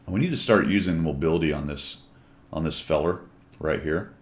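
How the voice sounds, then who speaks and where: Deep-voiced man doing chatty game commentary. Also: brisk. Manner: chatty, wry, jokey asides to viewers. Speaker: gameplay commentator.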